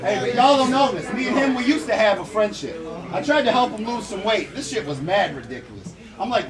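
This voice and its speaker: A man's voice: sits high, lively intonation, fairly quick. A man rapping mocking insult rhymes in a live rap battle. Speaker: battle rapper. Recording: roomy, distant live recording over a loud crowd.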